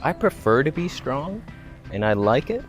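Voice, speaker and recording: A man's voice: fairly high pitch, very animated, moderate pace, soft background music. A man talking to camera outdoors about health in a casual, joking vlog, with self-mocking asides. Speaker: vlogger. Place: outdoors, walking by a road.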